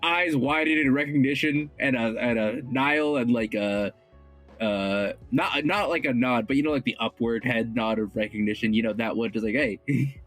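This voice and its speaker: A man's voice: medium pitch, moderate pace, fairly bright tone, soft background music. A man playing in a tabletop game, talking hesitantly with plenty of fillers. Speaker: player. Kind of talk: casual tabletop role-play.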